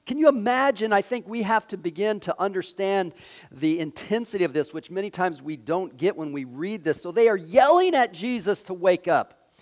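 Male pastor, sermon, slightly high pitch, halting delivery, dramatic volume swings. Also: animated. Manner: dramatic swings from loud to hushed; halting, frequent fillers and restarts.

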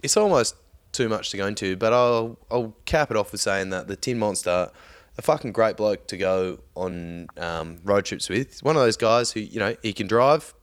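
A man's voice: fairly low pitch, moderate pace, hardly any pauses. A man casually telling a story on a podcast, laid-back, swearing often and laughing along.

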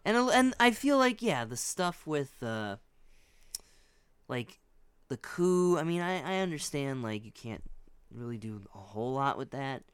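A man's voice: mid-range voice, big pitch swings, a little slow, smooth, no echo. A man co-hosting a podcast, chatting casually and rambling, hedging with many restarts. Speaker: podcast co-host. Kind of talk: casual chat.

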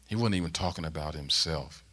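A middle-aged man preaching a sermon, with emphatic rising bursts that ease into a soft closing prayer. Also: very deep voice, a little fast. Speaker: guest preacher.

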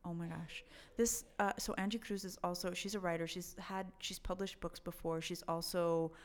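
A woman's voice: on the low side, fairly even intonation, normal speed. A woman co-hosting a casual book chat, talking enthusiastically in a rambling way.

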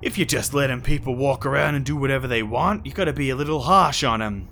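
A man voicing a gruff, impatient male security guard in a tabletop game, loud and pushy. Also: mid-range voice, quick pace, a little hiss or hum. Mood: bossy.

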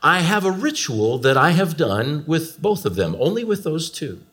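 A man in his forties preaching a sermon, telling family stories with animated, swooping emphasis. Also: fairly high pitch, normal speed. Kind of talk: storytelling sermon.

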